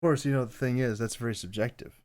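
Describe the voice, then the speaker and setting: A man's voice: mid-range voice, fairly even intonation, fast, a little mellow, slight background noise. A man co-hosting a podcast, chatting casually and wandering into playful tangents. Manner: chatty, tangents, mock debating. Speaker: podcast co-host. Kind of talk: casual chat.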